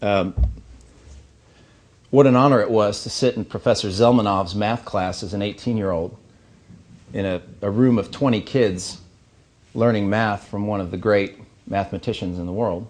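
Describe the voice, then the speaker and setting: A man's voice: fairly low pitch, moderate pace, pauses often, a little mellow. A man in his thirties from Missouri giving a keynote speech at an awards banquet, earnest and anecdotal with light humor. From Missouri, USA. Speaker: keynote speaker. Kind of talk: ceremony speech. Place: banquet hall.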